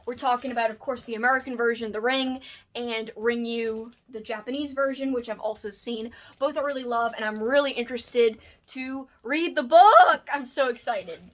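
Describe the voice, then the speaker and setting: A bubbly woman vlogging from home, her voice a little high and full of excitement as she shows off new books. She keeps it casual and chatty, and often turns aside to talk to her dog. The sound comes straight from the camera's mic. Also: moderate pace. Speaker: book vlogger. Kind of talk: casual unboxing chat to camera.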